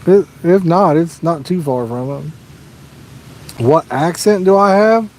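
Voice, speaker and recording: A man's voice: a little high, animated, measured pace, a little mellow, slight background noise. A Midwestern American man hosting a fishing livestream outdoors by a lake, chatting casually and answering viewers' questions. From Midwest USA.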